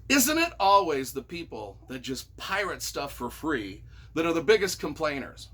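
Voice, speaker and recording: A man's voice: a little high, big pitch swings, moderate pace, a bit bright, breathy edge. A man, a novelist, giving casual, mock-earnest and playfully sarcastic commentary, often stumbling over his words. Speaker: novelist reading reviews of his own books.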